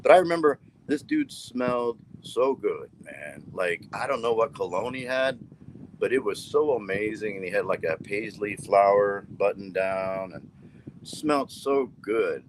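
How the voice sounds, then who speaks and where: A man's voice: fairly low pitch, lively intonation, measured pace, a little hiss or hum, low-quality recording. A man, a comedian, telling a story in a casual live-streamed interview, rambling, cutting himself off and laughing at his own tale. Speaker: stand-up comedian, guest.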